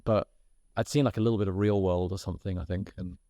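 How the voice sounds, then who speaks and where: Brief: British male guest, lowish voice, dry close sound, animated storyteller. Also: fast, dry recording. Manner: lively storyteller who acts out quoted voices and laughs as he tells. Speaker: podcast guest, actor. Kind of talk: casual anecdote telling.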